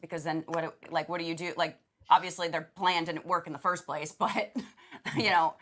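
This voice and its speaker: Woman, chatty co-host, slightly low voice, casual podcast talk. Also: fairly even intonation, normal speed, fairly bright tone. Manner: chatty, retelling scenes in quoted voices. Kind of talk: casual chat.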